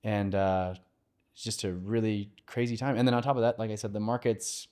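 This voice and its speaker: Male podcast guest, low register, smooth resonant tone, candid storyteller who pauses with fillers. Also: fairly even intonation, dark tone. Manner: open and conversational, with filler pauses. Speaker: podcast guest, mortgage lender.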